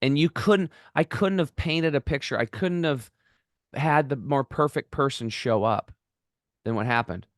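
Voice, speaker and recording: A middle-aged man, a podcast guest, telling stories in an excited, rambling way and acting out the voices of the people in them. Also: medium pitch, measured pace, no echo, studio quality. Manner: enthusiastic, rambling, acts out quoted voices. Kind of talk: excited storytelling interview.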